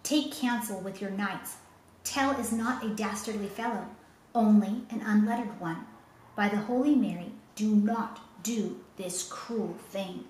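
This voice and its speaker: A woman voicing a gentle monk who slowly begs for mercy, in a storybook reading. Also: medium pitch, slight background noise, natural voice. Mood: entreating. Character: gentle pleading old male monk. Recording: roomy echo.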